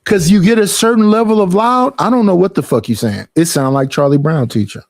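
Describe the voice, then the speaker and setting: In a close, dry recording with no room sound, a young man vents on stream, his voice unusually high for a male. He swears freely and complains with animated energy, speaking at a brisk pace.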